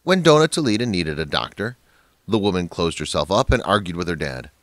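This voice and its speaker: A man's voice: low voice, sing-song, a little fast, no room sound. A man narrating a dramatic family story in a scripted, emphatic way.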